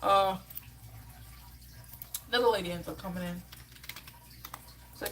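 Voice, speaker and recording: A woman hosting a live sports reaction stream, telling a story in an exasperated, slangy way with animated asides. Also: medium pitch, measured pace, slight background noise, low-quality recording.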